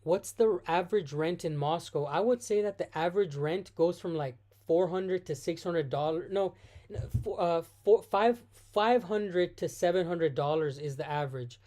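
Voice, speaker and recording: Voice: medium pitch, normal speed, warm tone. A vlogger hosting a live stream, reading viewer questions aloud and answering off the cuff in casual talk, often stopping to correct themselves mid-sentence. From United States.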